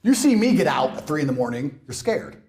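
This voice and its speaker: A man's voice: a little high, very animated, a little fast, darkish tone. A man ranting on a podcast in a brash, mocking and emphatic way. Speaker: podcast guest. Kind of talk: provocative podcast rant.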